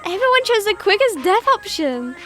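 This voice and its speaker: A woman's voice: extremely high pitch, very animated, moderate pace, fairly bright tone, voice pushed up, full character voice. A woman voicing a cheerful, sadistic girl who hosts a show, speaking in a sweet, mocking sing-song while reading game dialogue. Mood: gleeful.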